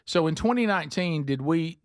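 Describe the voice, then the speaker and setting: Animated man hosting talk show. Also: fairly high pitch, brisk, no echo, clean studio sound. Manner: animated, jokey, slips into mock voices. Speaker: host. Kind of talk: casual talk show banter.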